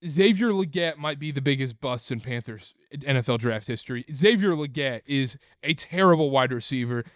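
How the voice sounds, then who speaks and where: Emphatic man, lively pitch, dry sound. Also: normal speed, dry recording. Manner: emphatic, repeats himself. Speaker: podcast host. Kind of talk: casual sports chat.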